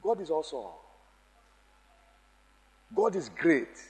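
A man's voice: fairly high pitch, very animated, slow, a little mellow, big-room sound. A man preaching a sermon, emphatic, repeating key phrases and calling out to the congregation.

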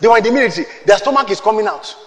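A man, preaching a sermon with emphatic, shouted peaks and call-and-response with the congregation. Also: high-pitched, expressive, racing, long reverb tail. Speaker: pastor.

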